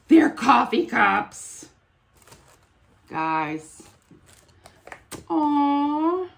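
A woman's voice: fairly high pitch, animated, measured pace. A woman vlogging as she opens gifts, gushing and gasping with delight. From United States. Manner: gushing, gasping, breathy exclamations. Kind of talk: casual unboxing chat.

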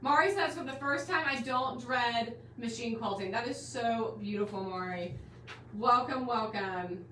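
A bubbly woman hosting a live online class, gushing over her viewers with a high, bright pitch. She sounds a bit distant from the mic, in a roomy space with a faint hiss behind her. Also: lively intonation, unhurried. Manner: bubbly, gushing, calls viewers guys and my dear. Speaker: host of a live quilting class stream. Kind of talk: enthusiastic live-stream welcome.

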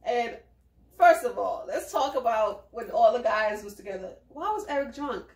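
A woman co-hosting a casual reality show review, animated and laughing often as she acts out quotes. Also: on the high side, normal speed, recorded from a distance. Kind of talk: casual chat. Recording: echoey room, away from the mic.

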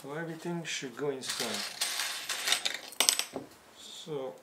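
A woman's voice: very deep voice, reverberant, heavy background noise. A woman unboxing gear on camera, musing hesitantly to herself as she works things out. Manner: muses hesitantly to herself, unhurried. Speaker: outdoor gear reviewer. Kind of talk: unboxing vlog, thinking aloud. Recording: loud clatter of gear being handled.

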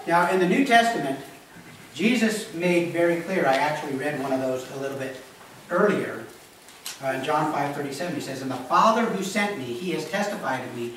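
A man's voice: on the high side, expressive, normal speed, a bit bright, a little hiss or hum. A male pastor giving a conversational teaching sermon and checking in with his congregation as he reads scripture. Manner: conversational teaching, often asking "Okay?". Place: church sanctuary. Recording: echoey room mic from a distance.

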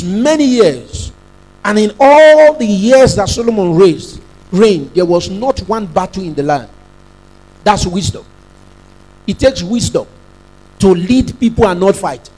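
A man's voice: high voice, darkish tone, breathy edge, poor audio. A man preaching a sermon as pastor, emphatic, repeating phrases and prompting the congregation to say lines back.

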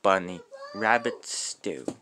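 A man's voice: low voice, lively intonation, slow pace, background noise. A man voicing a sly, politely menacing female fox spirit lord in a homemade storybook tale. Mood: teasing.

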